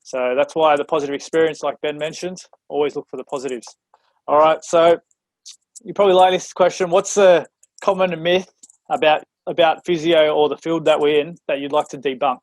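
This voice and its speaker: A man hosting a podcast, talking in a relaxed, agreeable way. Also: on the high side, brisk, no room sound, low-quality recording. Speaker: podcast host. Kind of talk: casual podcast chat.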